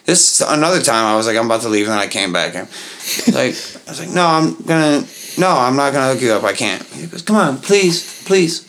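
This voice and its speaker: A man's voice: mid-range voice, fast, slight background noise. Profane young man telling a rowdy story. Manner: profane, animated storyteller acting out others' pleading voices. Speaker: podcast co-host. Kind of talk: casual storytelling chat.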